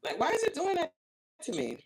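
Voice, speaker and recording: A woman with an extremely high voice speaks fairly quickly, her pitch swooping wildly. Hosting a casual livestream on her phone, she chats, reads viewer comments out loud, and complains when the stream glitches and cuts out.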